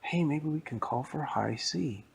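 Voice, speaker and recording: Guy squeaking out a little girl voice, way high and pleading, a bit gravelly. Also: expressive, a little slow, a little hiss or hum. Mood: hopeful. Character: timid hopeful little girl.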